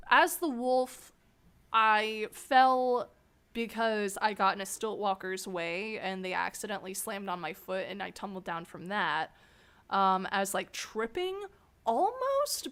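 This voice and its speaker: A woman hosting an interview, telling rambling anecdotes in a casual, animated way and laughing often. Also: mid-range voice, slow, clean tone. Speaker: host interviewing a fellow scare actor. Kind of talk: casual storytelling chat.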